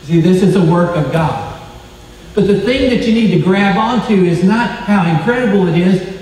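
A man delivers a sermon in a high-pitched voice, swelling on key phrases and dropping low at the ends. He stumbles over a word now and then. The sound comes from far off in a booming, reverberant hall. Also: animated, normal speed, a little mellow, a little hiss or hum. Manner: preaching with emphatic rises and drops, stumbles over words. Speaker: pastor.

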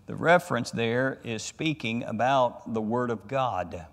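A male pastor preaches in a slow, measured way, with pauses between phrases. He reads scripture deliberately and presses his key points with emphatic rises. His voice carries a long reverb from the church hall he speaks in. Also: mid-range voice, animated. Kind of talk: Bible study sermon. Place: church sanctuary.

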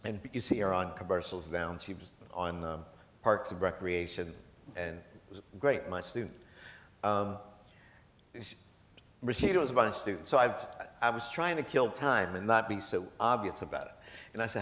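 Male professor, gala storyteller, slightly low voice, animated and self-mocking, echoey hall sound. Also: normal speed. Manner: animated, self-deprecating, laughs often. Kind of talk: storytelling anecdotes to a live audience. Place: large event hall.

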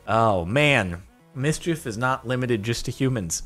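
A man in a casual video reaction, rambling from one joke to the next. He talks in an everyday, mid-pitched voice with animated asides. Faint music plays under him. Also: measured pace. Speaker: vlogger.

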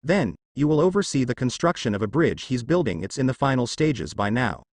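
Man reading as a formal, measured old village chief, dry sound. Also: mid-range voice, big pitch swings, darkish tone, no room sound. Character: calm, authoritative old male village leader.

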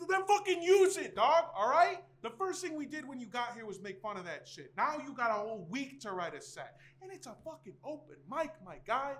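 A man's voice: very high voice, very animated, brisk, few pauses, pushed and bright, roomy sound, recorded from a distance, exaggerated voice. An actor playing a brash, profane stand-up comic who bluntly pushes his brother around. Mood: scolding. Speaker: stand-up comedian. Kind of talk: scripted comedy drama acting.

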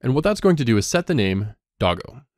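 A man's voice: fairly quick, no echo, clean studio sound. A man teaching a coding lesson, explaining step by step and reading code aloud as he types. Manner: lively ups and downs in pitch. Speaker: coding instructor.

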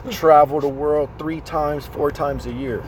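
A man hosts a casual live chat from inside a car, his talk loose, slangy and animated. His voice sits fairly high, and a faint hum of city noise hangs behind him. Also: measured pace. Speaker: host.

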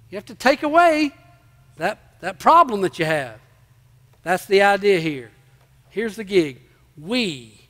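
Male pastor, emphatic sermon, high voice, repeats himself for weight, long church reverb. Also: fairly bright tone. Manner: emphatic, repeats key phrases, asks the congregation rhetorical questions. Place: church sanctuary before a congregation.

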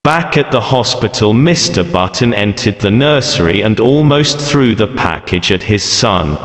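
Male storyteller, measured read-aloud, roomy echo, long reverb tail. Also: medium pitch, lively intonation. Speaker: narrator.

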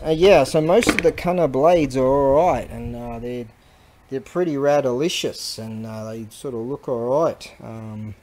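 Aussie man, mid-pitched, rambling show-and-tell, noisy recording with clicks. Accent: Australian. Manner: rambling, excitable, slangy, with frequent restarts. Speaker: online seller showing items.

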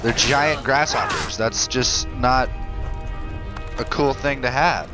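A young man giving casual, excitable commentary over his gameplay. He swears freely and talks back to the characters on screen. Faint game music sits under his voice. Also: mid-range voice, slow pace, long pauses. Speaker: gaming channel host.

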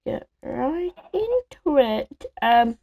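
A woman's voice: high voice, sing-song, slow pace, dark tone, no echo, faint music behind. A woman giving casual, rambling commentary while playing a video game at home, talking to herself with lots of fillers. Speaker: gameplay video creator. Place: home on a busy street. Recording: street traffic noise behind. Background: passing trucks.

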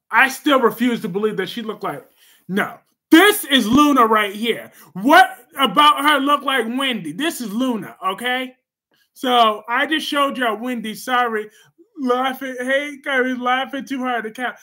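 A man hosting a casual livestream, reacting to viewer comments with animated repetition. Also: very high voice. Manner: animated, repeats phrases for emphasis. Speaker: livestream host reading comments.

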